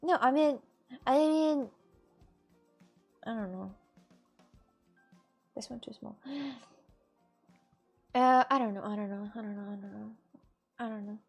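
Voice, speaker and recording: A woman's voice: on the high side, creaky. Rambling woman streamer chatting to viewers. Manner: rambling, repeats herself, talks to chat. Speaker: streamer making clay cinnamon rolls. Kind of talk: casual live-stream chat.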